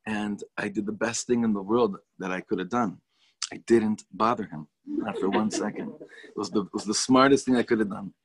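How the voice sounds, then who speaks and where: A man's voice: fairly low pitch, fairly even intonation, normal speed, breathy edge. A man teaching a Torah class to students, talking in an enthusiastic, chatty way and mixing in Hebrew and Yiddish words.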